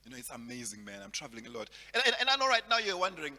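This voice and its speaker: Bright, lively comic. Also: male voice, fairly high pitch, very fast, in a large hall. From Zimbabwe. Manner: animated, repeats words, laughs at own jokes. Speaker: stand-up comedian. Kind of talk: stand-up comedy.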